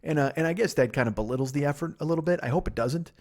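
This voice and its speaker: A middle-aged man from Chicago rattles through a solo podcast monologue at a fast clip, swearing freely and poking fun at himself. He talks into a laptop microphone in a living room, holding back yawns between runs of talk. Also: a little high, a little mellow. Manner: rambling, profane, self-mocking, rushes without pausing. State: stifling yawns. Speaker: podcast host.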